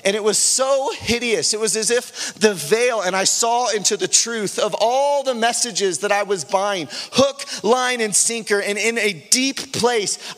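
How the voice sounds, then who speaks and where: A man's voice: sits high, fairly bright tone. A man preaching an impassioned, earnest sermon with personal testimony. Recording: long reverb of a large hall.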